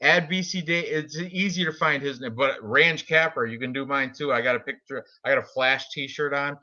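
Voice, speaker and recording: Bright-voiced excitable man on a lo-fi stream. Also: normal speed. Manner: excitable, voice jumps high when shocked. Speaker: co-host of a betting stream. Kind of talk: casual chat. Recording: dull lo-fi stream audio.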